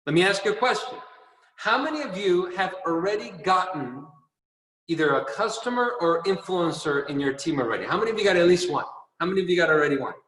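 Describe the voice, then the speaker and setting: A man's voice: sits high, lively intonation, fast, a bit bright, echoey room, in a large hall, recorded from a distance, poor audio. A man chairing a company video call, giving an earnest, repetitive motivational talk and laughing at his own jokes. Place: training room.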